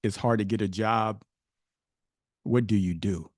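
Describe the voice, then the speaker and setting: A man's voice: on the low side, fairly even intonation, measured pace, no echo. Dry close-miked man telling his story. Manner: emphatic, builds stories with rhetorical questions. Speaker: podcast guest. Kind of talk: personal storytelling in a podcast interview.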